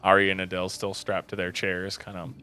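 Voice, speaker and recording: A man narrating a tabletop game as game master, playful and expressive. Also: sits low, a little fast, over music.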